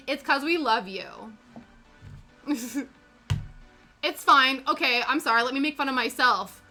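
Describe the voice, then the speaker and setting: A woman's voice: fairly high pitch, takes it slowly, pauses often, sharp tone. A young Canadian woman with a Canadian accent, chatting casually and giggling as she rambles on a crafting livestream. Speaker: streamer. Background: background music.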